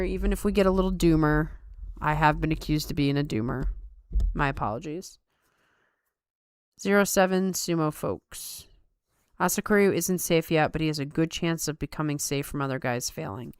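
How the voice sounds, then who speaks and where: A woman's voice: low voice, clear, resonant tone, dry recording, clean studio sound. A woman hosting a casual live-stream chat, upbeat and chatty, reading comments aloud, tired late at night. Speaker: podcast host.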